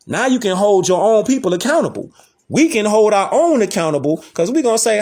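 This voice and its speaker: A man's voice: high voice, very animated, normal speed, a little mellow. A man hosting a casual lecture, talking emphatically in slangy street talk and repeating rhetorical questions. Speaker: host. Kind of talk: casual lecture showing images.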